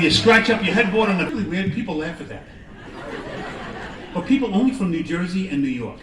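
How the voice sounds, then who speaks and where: A man's voice: high voice, expressive, a little fast, background noise. Rambling stand-up comic man on stage. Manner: rambling, self-deprecating storytelling with asides. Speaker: stand-up comedian. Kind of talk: stand-up comedy set. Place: live comedy stage. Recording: echoey live room, far from mic, crowd. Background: audience laughter.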